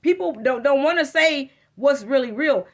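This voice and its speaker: High-voiced, blunt, swearing woman tarot reader. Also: lively intonation, normal speed. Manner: blunt, profane, fired-up. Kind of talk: casual live tarot reading. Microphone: phone.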